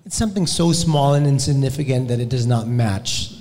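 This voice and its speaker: A man's voice: medium pitch, a little fast, a crowd in the background. A Filipino man who is a guest at a live podcast show, explaining things in an easygoing way. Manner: easygoing, laughs while explaining. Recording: long reverb of a live venue.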